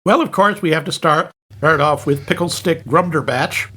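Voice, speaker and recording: A man's voice: a little high, normal speed, pushed and bright, slight background noise. A man co-hosting a podcast, recapping a film with joking fake slips and corrections. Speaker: podcast co-host. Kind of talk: comedic movie recap.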